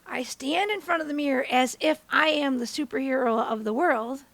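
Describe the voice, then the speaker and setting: A woman in her thirties hosts her own podcast, talking her listeners through a personal story with motivational asides. Her voice sits high with a gravelly fry, and it is recorded dry and close. She acts out the quotes, leaping up and down in pitch. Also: moderate pace, no room sound. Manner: animated, acts out quotes with big pitch jumps. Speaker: podcast host.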